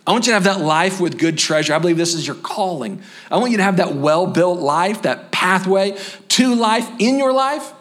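A high-pitched man preaches to his church with lively, fired-up energy and playful asides. Toward the end he settles into a softer, slower voice to pray. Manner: energetic, animated preaching with quick asides and humor; drops to a soft, slow voice for closing prayer. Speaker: pastor. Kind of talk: sermon. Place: church sanctuary.

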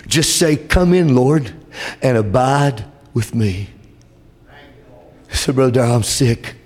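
A male preacher delivering a sermon, with an impassioned delivery that swings from shouted high lines to soft, low passages. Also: lively intonation, takes it slowly, long pauses.

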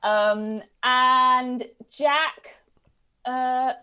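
A woman co-hosting a podcast, chatting in a relaxed, hesitant way. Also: sits high, drawn-out words, clean tone. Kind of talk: casual chat.

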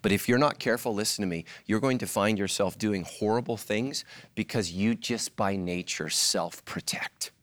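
A middle-aged male pastor preaching a sermon, swinging from loud, high-pitched joking to a hushed, earnest tone. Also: fairly quick. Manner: animated, jokes in a loud, high voice, then drops to a hushed, earnest tone.

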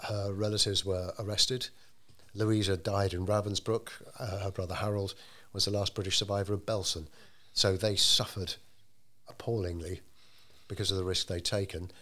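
A man telling a story in an interview, measured and unhurried, with frequent ums and restarts. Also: lowish voice, fairly bright tone. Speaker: interviewee telling local history. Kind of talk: conversational storytelling.

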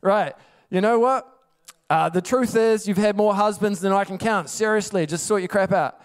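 Man voicing a weary, snarky Jesus parody, high-pitched, put-upon. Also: moderate pace, smooth, close to an everyday voice. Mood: exasperated. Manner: sarcastic, fed-up grumbling.

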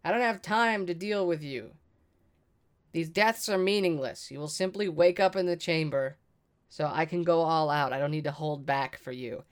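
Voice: medium pitch, fairly even intonation, normal speed, few pauses, clear, resonant tone, natural voice. A player voicing a cold, confident adventurer who taunts and commands enemies. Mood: commanding.

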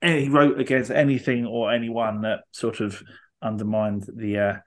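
A man co-hosting a podcast, talking casually in a halting way full of ums and restarts. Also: medium pitch, level tone. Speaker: podcast co-host.

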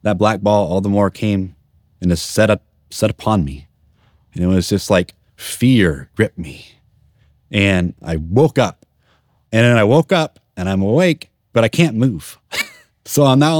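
Man, lowish voice, sharing a personal faith testimony in a church, earnest and candid, dry close sound. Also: darkish tone, no room sound. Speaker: testimony speaker.

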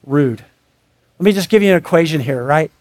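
A man delivering a sermon. His voice sits high for a man. He talks to the congregation casually and animatedly, often slipping into short acted-out quotes. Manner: animated, conversational preaching with quick asides and acted-out quotes. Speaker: pastor.

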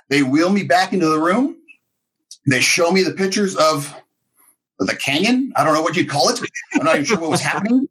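A middle-aged man co-hosting a casual chat, telling a story in an animated, self-mocking way and acting out the quotes. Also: fairly high pitch, brisk, slightly rough. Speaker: podcast co-host.

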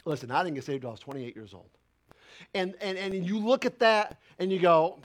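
Pastor guy preaching hard, kinda high voice, gets loud then drops real quiet. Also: expressive, fairly quick. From Italian heritage. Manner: fervent, loud preaching with sudden quiet asides. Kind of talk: sermon.

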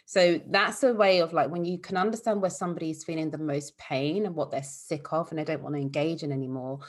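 A woman's voice: sits low, fairly even intonation, fairly quick. A woman therapist for eating disorders, talking in a casual, explanatory way in an interview. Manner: warm, explanatory, fillers like "like" and "you know".

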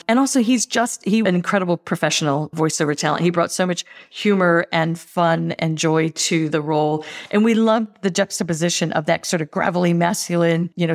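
A woman with an American accent answering interview questions about a marketing campaign, upbeat and enthusiastic, often starting with "look". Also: on the low side. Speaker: tourism marketing executive.

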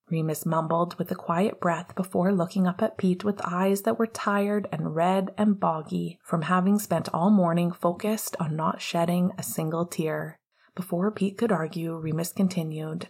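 A woman narrating an audiobook chapter in a steady, measured storytelling voice. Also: on the low side, slightly rough. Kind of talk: audiobook reading of fan fiction.

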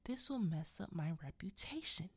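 A woman putting on a menacing, unhinged husband who taunts in a breathy half-whisper, his voice pushed a little higher than hers. The sound is dry and close, with no room around it. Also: sing-song, normal speed, fairly bright tone, dry recording, full character voice. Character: menacing unhinged husband, middle-aged man.

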